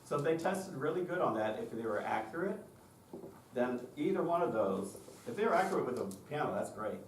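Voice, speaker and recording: A man's voice: medium pitch, big pitch swings, brisk. A man presenting a choir directors' workshop, explaining his methods step by step and often checking in with the audience with "okay?". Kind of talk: conference lecture with demonstrations. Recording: roomy and distant with faint noise.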